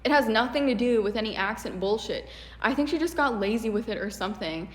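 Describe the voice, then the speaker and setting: A woman's voice: on the high side, expressive, brisk. A woman giving a ranting video commentary, exasperated and sarcastic. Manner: exasperated, sarcastic, many "like" fillers. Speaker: video essayist. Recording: echoey room with long reverb.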